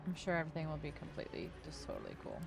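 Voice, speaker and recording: A woman's voice: sits low, huge pitch swings, very fast, gravelly, loud music behind the voice. A woman casually chatting while playing a video game with a friend, dry and self-mocking. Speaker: co-host streaming a game. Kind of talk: casual gameplay chat.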